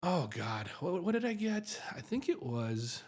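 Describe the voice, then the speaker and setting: Husky, lively-voiced male psychiatrist host. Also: a little high, unhurried. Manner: animated, self-mocking, chatty with many tags like "right?". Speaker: psychiatrist hosting a livestream. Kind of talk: casual livestream storytelling.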